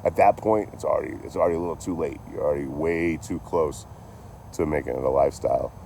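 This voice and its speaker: Low-voiced man rambling through a story. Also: quick pace, gravelly, warm tone, a little hiss or hum. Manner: rambling, heavy swearing, laid-back. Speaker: livestreamer telling stories. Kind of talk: casual storytelling to a live chat.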